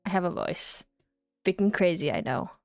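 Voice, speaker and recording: A woman's voice: on the low side, lively intonation, normal speed, a little mellow, no echo, clean studio sound, soft background music. A young woman streaming casually, giggly and tender, who swears offhandedly. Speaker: VTuber streamer.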